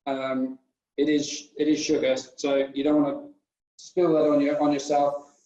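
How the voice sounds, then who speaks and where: A man's voice: fairly high pitch, level tone, measured pace, dark tone. Man explaining cooking steps, roomy sound. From United Kingdom. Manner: instructive, step-by-step. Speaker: chef. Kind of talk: cooking demonstration. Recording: echoey room, distant mic, dull sound.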